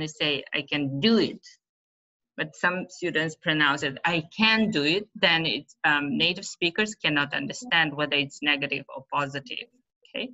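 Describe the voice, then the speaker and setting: Hesitant low-voiced woman. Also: sharp tone. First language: Uzbek. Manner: hesitant, many fillers, loses her thread. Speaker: webinar presenter, teacher trainer. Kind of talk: online teaching webinar. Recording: muffled, lo-fi online call audio.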